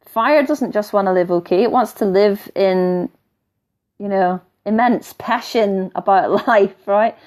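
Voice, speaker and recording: A woman's voice: mid-range voice, measured pace, a little mellow. A woman with a mixed English and Scottish accent, teaching in a casual, blunt way and often checking in with her listeners. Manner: blunt and chatty, keeps asking "right?", swears lightly. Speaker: spiritual teacher.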